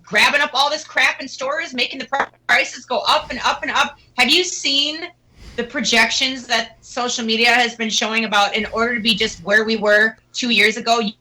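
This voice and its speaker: A woman guest on a radio interview, talking in a casual, animated and mocking way with quick asides. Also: a little high, rough recording. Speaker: guest singer.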